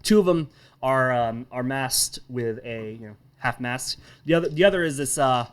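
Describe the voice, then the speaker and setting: Halting, stammering male game master. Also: medium pitch, clear, resonant tone. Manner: halting, with many restarts and fillers. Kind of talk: narrating a tabletop game.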